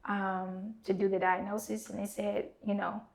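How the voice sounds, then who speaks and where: A woman in her thirties hosting a podcast, telling her own story candidly and acting out quoted dialogue in an animated way. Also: medium pitch, moderate pace, creaky.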